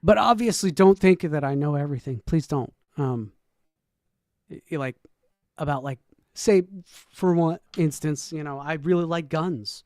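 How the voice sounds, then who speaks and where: A man casually commenting as he reacts to a video, rambling and joking, swinging from low mumbles to loud whoops. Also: moderate pace, no echo, clean studio sound. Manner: frequent restarts and laughs, profane.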